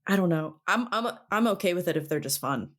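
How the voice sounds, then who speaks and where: Lady cohost, lower voice, talks fast and excited about movies. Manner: enthusiastic and opinionated, filler-heavy. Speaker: podcast co-host. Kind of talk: casual chat.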